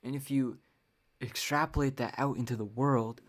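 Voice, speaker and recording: A woman's voice: very deep voice, steady tone, moderate pace. A young woman hosting her own podcast, talking casually on her own in a ranting, profane way with wry laughs. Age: young adult. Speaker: podcast host. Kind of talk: casual solo podcast monologue.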